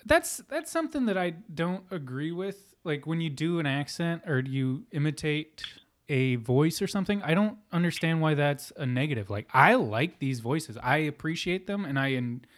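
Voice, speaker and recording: A man's voice: a little high, big pitch swings, moderate pace. Crude joking man in casual chat. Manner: crude, joking, lots of "like" fillers. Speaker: podcast co-host.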